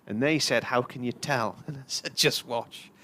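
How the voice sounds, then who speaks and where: Chatty cricket commentator. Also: male voice, medium pitch, normal speed, sharp tone. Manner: chatty storyteller, puts on voices for characters in his tales. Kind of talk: relaxed live commentary with anecdotes.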